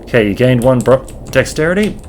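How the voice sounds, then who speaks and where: A man's voice: medium pitch, expressive, darkish tone, a little hiss or hum. Man narrating a video game. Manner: slow, drawn-out narration of game text. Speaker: let's play host. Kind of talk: reading game text aloud.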